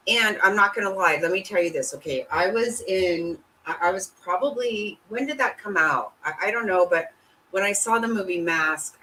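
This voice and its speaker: Heavily profane and blunt, a female livestream host keeps things casual, her pitch swinging animatedly up and down. The recording is rough, carrying a little hiss or hum.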